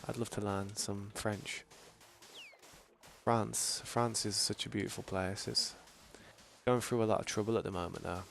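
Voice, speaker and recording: Brummie male game streamer, low voice with gravel, chatty and meandering. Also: fairly even intonation, measured pace, long pauses, fairly bright tone, slight background noise. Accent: Birmingham English. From England. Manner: rambling, chatty, reads chat messages aloud. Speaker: gaming streamer. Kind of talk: casual live-stream chat.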